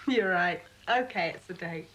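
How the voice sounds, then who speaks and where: A woman's voice: on the low side, takes it slowly, fairly bright tone. An actress playing a young woman who talks casually and turns defensive. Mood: chatty. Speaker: young fiancée. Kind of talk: TV drama acting.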